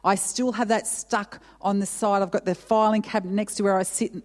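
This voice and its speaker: A woman's voice: mid-range voice, little pitch movement, brisk, a little mellow. A woman pastor preaching a sermon, earnest and emotional, asking rhetorical questions of her congregation. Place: church. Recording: long hall reverb.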